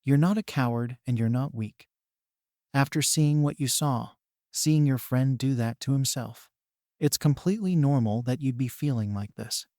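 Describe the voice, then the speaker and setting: Man voicing a stubborn middle-aged mother, blunt, scolding, storybook reading, mellow tone. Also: medium pitch, normal speed, no room sound, studio quality, lightly acted. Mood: pleading.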